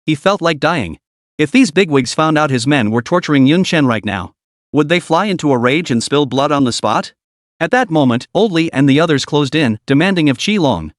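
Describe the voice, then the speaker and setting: Telling a dramatic story at a moderate pace, this man uses an animated, lively pitch in a voice that sits a little high. It's recorded close and dry, without any room sound.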